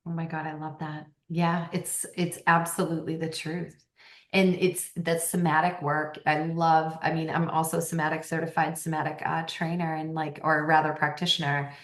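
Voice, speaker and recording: An animated woman talks candidly as a podcast guest, her lower voice swinging between hushed and emphatic. The room around her adds a noticeable echo. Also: moderate pace. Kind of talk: casual conversational interview. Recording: roomy echo.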